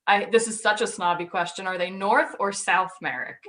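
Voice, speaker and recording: Woman host, bright and chatty, jokey and irreverent. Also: mid-range voice, fairly even intonation, normal speed. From Long Island, New York. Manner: chatty, joking, swears casually. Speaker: podcast host. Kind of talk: casual chat.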